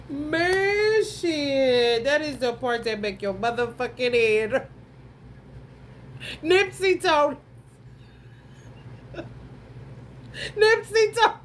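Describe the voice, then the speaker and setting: A woman with a high voice talks slowly and deliberately through a casual astrology reading. She is blunt and profane, calling out to her viewers and breaking into exclamations. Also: a little hiss or hum. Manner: blunt, profane, emphatic, addresses viewers directly; breaks into frequent laughter and exclamations. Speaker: tarot reader.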